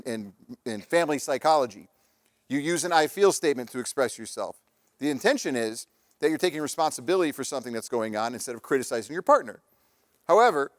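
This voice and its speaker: In a live presentation, a chatty, married male presenter on relationships and parenting speaks in a slightly high voice. He's conversational and anecdotal, frequently restarting his sentences, and the recording is dry and studio quality.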